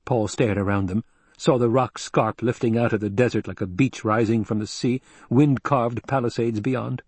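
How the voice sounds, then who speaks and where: Man reading an audiobook, husky tone, dry close sound, steady pace. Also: medium pitch, dry recording. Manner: steady, measured storytelling. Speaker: narrator. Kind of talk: audiobook narration.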